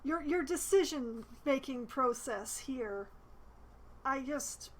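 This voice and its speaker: Wry high-voiced woman playing a game. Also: animated, slow, a little hiss or hum, rough recording. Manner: wry and chatty, reading game lines aloud between asides. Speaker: gamer streaming a playthrough. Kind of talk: casual game commentary, reading dialogue aloud.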